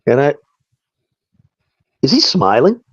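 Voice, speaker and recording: A man telling a story as a radio guest, in a casual, animated way and with frequent laughs. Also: mid-range voice, takes it slowly, slightly rough, dry recording. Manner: animated, chatty, laughs often. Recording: dull lo-fi dry sound.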